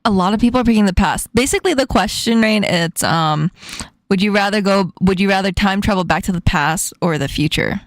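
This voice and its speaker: A woman hosting a casual stream chat, playful and quick to laugh, asking her guest questions. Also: medium pitch, no echo, clean studio sound. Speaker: streamer host.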